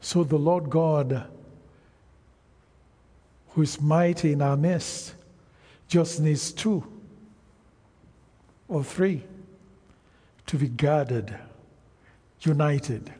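Heard in the lingering echo of a large hall, this preacher speaks at a deliberate, unhurried pace, stretching his phrases and leaving room for the congregation to answer back. His tone is dark and husky, though slightly higher-pitched than the typical man's, and his preaching is emphatic, with frequent call-and-response.

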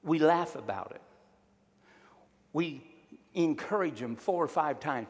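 Lively preaching man in a reverberant hall. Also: fairly high pitch, takes it slowly. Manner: emphatic preaching with call-and-response. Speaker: pastor. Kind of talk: sermon.

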